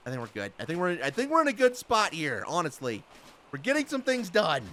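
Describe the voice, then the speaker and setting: Animated young man narrating gameplay. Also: high voice, fairly quick, slight background noise. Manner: chatty, animated, laughs often. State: hiccups. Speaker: gaming YouTuber. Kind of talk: casual gameplay commentary.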